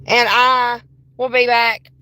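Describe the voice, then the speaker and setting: Bright excited woman in car. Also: fairly high pitch, slow, low-quality recording. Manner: polite to spirits, bursts of excited squealing. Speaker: paranormal livestreamer. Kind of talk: livestream ghost investigation. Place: inside a car. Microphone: phone.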